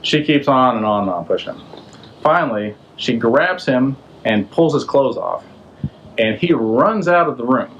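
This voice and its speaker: A podcast host casually retelling a Bible story in a loose, slangy, conversational way, stopping to ask the listener questions. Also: male voice, mid-range voice, animated, normal speed, a bit bright, muffled recording, a little hiss or hum.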